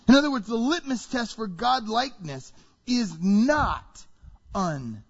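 A man preaching a sermon to a congregation, animated and full of rhetorical questions. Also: high voice, unhurried, breathy edge. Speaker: pastor. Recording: reverberant hall, dull sound.

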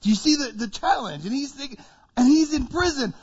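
A man's voice: very high voice, a little fast, highs cut off. A man preaching a sermon, vividly acting out biblical figures as he tells the story. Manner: acts out biblical figures with lively quoted voices.

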